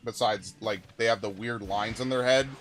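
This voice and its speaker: A man's voice: lowish voice, steady tone, moderate pace. A man giving profane, ranting let's-play commentary while reacting to chat comments. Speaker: gaming YouTuber. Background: game music.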